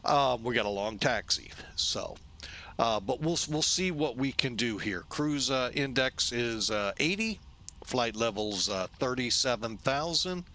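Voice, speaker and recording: A man's voice: medium pitch, lively intonation, a little slow, bright, forceful tone. A man from St. Louis hosting a flight-sim video, narrating casually with rambling asides, jokes and self-corrections. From St. Louis, USA.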